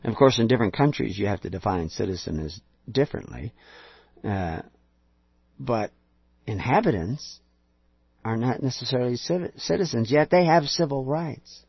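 A man's voice: medium pitch, expressive, normal speed, vocal fry, slightly rough, dry recording. A man preaching an emphatic lecture, full of rhetorical questions and sarcastic asides, on a dull lo-fi recording.

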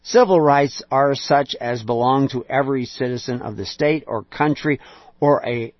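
A man's voice: medium pitch, normal speed, dry recording. A man preaching an emphatic lecture, full of rhetorical questions and sarcastic asides, on a dull lo-fi recording.

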